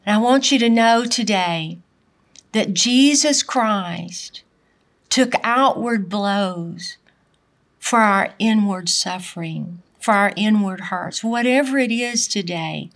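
A middle-aged woman preaching a sermon, telling a personal story in a halting way with frequent restarts. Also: mid-range voice. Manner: slow, halting, with many restarts and pauses.

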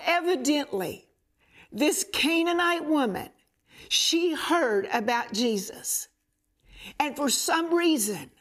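A woman preacher telling a scripture story in an emphatic, repetitive way, often asking the listener questions. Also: high-pitched. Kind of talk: sermon.

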